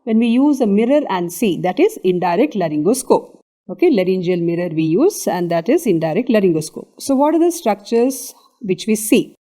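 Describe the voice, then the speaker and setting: A woman's voice: medium pitch, animated, moderate pace, dark tone. A woman with an Indian English accent giving an exam revision lecture on anatomy, explaining step by step and often checking in with "okay".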